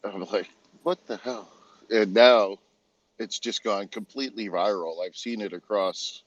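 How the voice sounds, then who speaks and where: A man's voice: on the low side, fairly even intonation, a little slow, highs cut off. A man in a casual online audio chat, rambling and chuckling as he pieces his thoughts together. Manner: rambling, chuckling, self-correcting.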